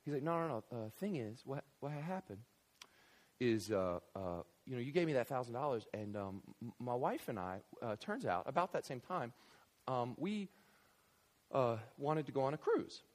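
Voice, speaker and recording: A man's voice: medium pitch, lively intonation, normal speed, natural voice. A man voicing a sheepish bank manager who stammers and hesitates through every sentence. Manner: hesitant, full of ums and restarts.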